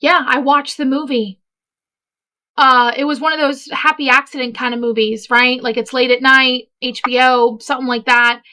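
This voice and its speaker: Bright high-voiced woman host. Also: flat delivery, moderate pace. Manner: chatty, digressive, emphatic. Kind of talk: casual true-crime commentary.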